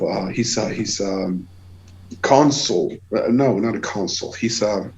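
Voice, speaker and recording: A Swedish musician, guesting on a casual podcast, speaks English with a Swedish accent in a fairly low voice, and the recording's highs are cut off. He tells animated stories, swearing freely and restarting his sentences a lot.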